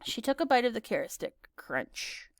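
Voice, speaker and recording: Woman narrator, children's storybook, lively melodic delivery, fairly high voice, dry close sound. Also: quick pace, vocal fry, no room sound. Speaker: audiobook narrator.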